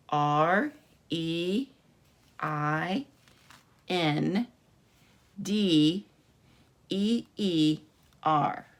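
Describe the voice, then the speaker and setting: A woman teacher leads young children through a phonics lesson, stretching out each letter sound and coaxing them along. She speaks very slowly, in a lowish voice with a gravelly edge. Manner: slow, encouraging, drawn-out sounds for kids.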